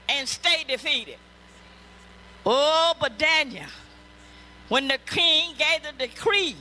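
A woman's voice: high voice, pushed and bright, a little hiss or hum, rough recording. A woman pastor delivering a sermon, emphatic and repetitive, breaking into calls of praise.

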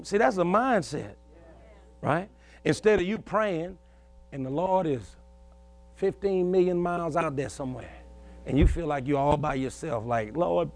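A man's voice: fairly high pitch, darkish tone. A male pastor, preaching a sermon in a folksy call-and-response style and telling stories from his own life.

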